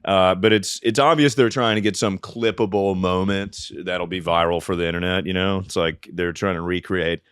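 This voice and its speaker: Podcast co-host, male, low-pitched, profane animated ranter, dead-dry sound. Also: moderate pace, few pauses, clear, resonant tone, no room sound. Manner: profane, animated ranting with mocking put-on voices. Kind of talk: casual comedy podcast chat.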